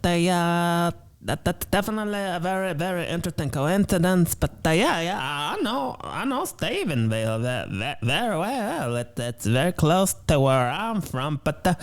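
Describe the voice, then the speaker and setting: A man's voice: sits high, smooth. A man doing a flustered, stammering AI sidekick. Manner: stammering, halting, defensive. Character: evasive AI sidekick, male, flustered.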